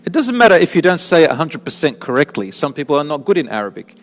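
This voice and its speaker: Very animated and fast, the man's rather high voice trails off into a long reverb in the mosque hall. As a religious teacher, he lays out points of his lesson and keeps asking his listeners questions.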